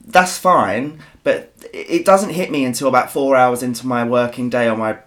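A man's voice: medium pitch, moderate pace, fairly bright tone. A man, co-hosting a podcast in casual, sweary, rambling chat. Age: 30s. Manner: sweary, rambling and self-mocking. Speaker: podcast co-host.

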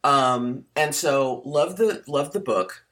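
Slow, lively-pitched man podcast co-host. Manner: unhurried, full of fillers and wry asides. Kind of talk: casual chat and reading aloud.

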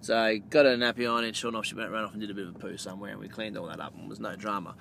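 In a lowish, gravelly voice, rapid-fire, an Australian man hosting a podcast rambles through a casual story full of swearing and calls his listeners mate. He gets loud and animated delivering the punchline, with slight background noise.

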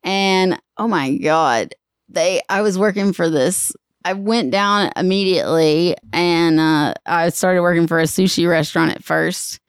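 A woman's voice: fairly low pitch, unhurried, smooth, dry recording, clean studio sound. A woman with a Southern American accent, a podcast guest chatting casually and laughing easily. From Southern United States. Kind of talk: casual chat.

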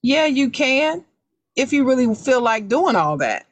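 A woman hosting a podcast, giving advice in a casual chat with a deliberately raised, emphatic voice that repeats key words. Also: high-pitched, sing-song, no room sound. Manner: deliberately raised, loud speaking voice. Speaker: podcast host.

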